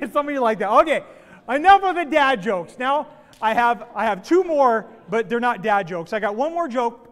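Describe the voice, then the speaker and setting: Male pastor, higher than usual register, playful preacher with jokes, large echoing sanctuary. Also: normal speed. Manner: playful, animated joke-telling. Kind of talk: sermon with opening jokes. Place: church sanctuary. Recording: long reverb of a church hall.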